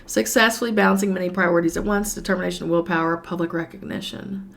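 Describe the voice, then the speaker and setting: A woman's voice: fairly low pitch, fairly even intonation, fast, gravelly, a bit bright. A woman giving a casual tarot reading while sick with a cold, talking in a chatty, sassy way and swearing now and then. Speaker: tarot reader.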